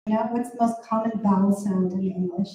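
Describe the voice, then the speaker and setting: A woman's voice: medium pitch, steady tone, fairly quick, dark tone, recorded from a distance. A woman poet reading her poems aloud and explaining language points with chatty asides at a bookstore event. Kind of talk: poetry reading with commentary. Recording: very echoey room.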